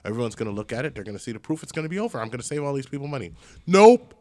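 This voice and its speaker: A man's voice: medium pitch, rapid-fire, no room sound, clean studio sound. A man hosting a casual podcast, telling stories with lots of swearing and acted-out quotes. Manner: animated storyteller, swears, acts out quotes. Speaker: podcast host.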